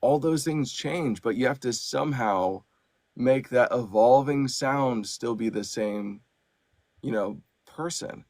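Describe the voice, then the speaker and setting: A man's voice: mid-range voice, takes it slowly, a little mellow, no room sound, clean studio sound. A man who works as an audiobook narrator and actor, chatting casually in an interview and explaining at length with lots of fillers.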